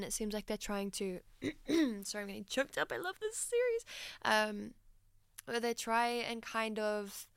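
A woman's voice: fairly high pitch, clear, resonant tone, no room sound, clean studio sound. A woman presenting a radio film-review segment, talking in an earnest, reflective and heartfelt way.

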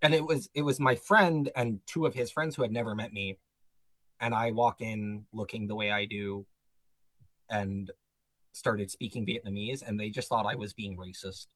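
A man, a band member, chatting casually in an interview, animated, laughing often and jumping up high on exclamations. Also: normal speed, no room sound, rough recording.

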